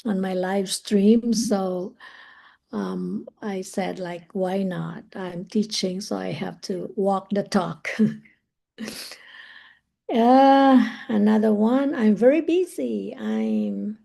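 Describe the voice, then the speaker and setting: A woman with a creaky, mid-range voice teaches English on a live stream. She's relaxed and thinks aloud, slowing down on every phrase she teaches.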